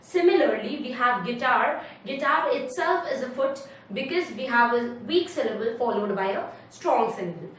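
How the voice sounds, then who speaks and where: A high-voiced woman with an Indian English accent gives a classroom lesson on poetic meter, repeating example words slowly to mark their syllables. She stands back from the mic in a strongly echoing room, with a faint hum of ambient noise behind her. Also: lively intonation, far from the mic. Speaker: English teacher.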